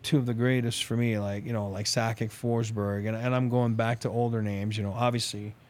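A man's voice: fairly low pitch, fairly quick. Middle-aged man, ex-player guest, rambling storyteller, casual podcast talk. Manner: rambling, animated anecdotes with quoted dialogue and laughs. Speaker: former pro hockey player, new team reporter.

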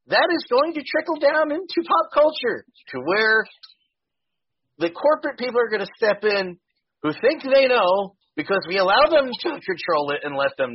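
A man's voice: high voice, breathy edge, no room sound, dull audio. A man hosting a podcast in a casual, profane, ranting way with laughing asides. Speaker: podcast host.

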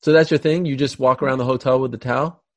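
Male host, quick talker, teasing and full of questions. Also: medium pitch, steady tone. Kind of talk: casual chat.

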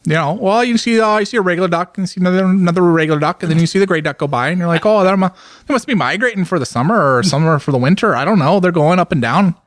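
A man's voice: high-pitched, dry recording, clean studio sound, pitched above the performer's own voice, close to an everyday voice. A man voicing a cheerful rural Minnesotan guy with a put-on Minnesota accent, sing-song and chatty. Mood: folksy cheerful. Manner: sing-song, drawn-out "oh yeah, you betcha".

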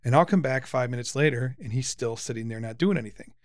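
This podcast host and father in his forties speaks quickly in a middle-pitched voice during a relaxed chat. Lively and teasing, he often stops and restarts, and the audio is dry, close to the mic and free of echo.

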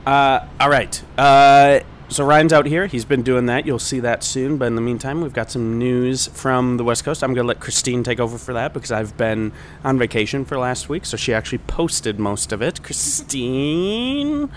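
A man's voice: medium pitch, normal speed, slight background noise. Rambling, jokey man co-hosting a podcast. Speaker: podcast co-host. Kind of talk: casual banter.

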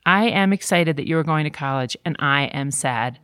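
A middle-aged woman talking candidly in a podcast conversation, telling stories with lively quoted voices. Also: sits low, moderate pace, smooth, no echo, studio quality.

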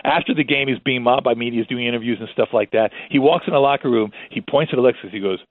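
A man in his fifties telling rambling, animated stories as a guest, with frequent restarts. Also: medium pitch, fast talker, no echo. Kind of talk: casual anecdotal storytelling. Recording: tinny dry phone-like line.

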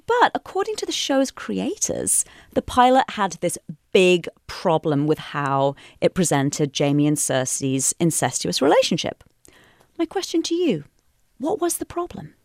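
Playful woman quiz host, very lively pitch, dry close sound. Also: measured pace, vocal fry, no echo. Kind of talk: casual podcast quiz chat.

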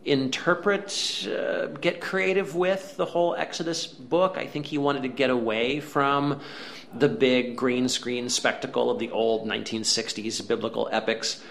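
A man co-hosting a casual film review chat, chatty and amused, often pausing on fillers. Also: medium pitch, fairly even intonation, gravelly, a bit bright, slight background noise. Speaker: film critic co-host.

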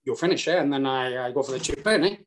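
A man's voice: medium pitch, lively intonation, fast, slight background noise, close to an everyday voice. A man putting on a Spanish accent to voice a fiery, hot-tempered Spanish golf star who bosses his partner in broken English. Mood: scheming, bossy. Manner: bossy, cocky, clipped broken English with tag "eh?".

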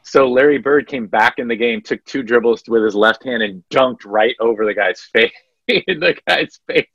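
A man co-hosting a casual sports podcast, retelling anecdotes in an animated storytelling way. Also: medium pitch, moderate pace, creaky, husky, no room sound, highs cut off. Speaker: podcast co-host.

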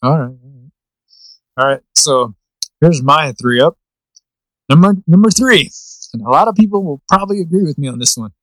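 A man's voice: fairly high pitch, lively intonation, normal speed, long pauses, fairly bright tone, no echo, low-quality recording. Laid-back man, casual podcast chat. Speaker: podcast co-host.

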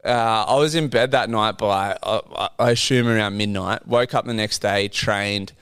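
An Australian man in his thirties, a podcast guest telling an animated anecdote in casual chat. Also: fairly low pitch, normal speed, clean tone, no room sound, studio quality. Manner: animated anecdote-telling, acting out others' lines.

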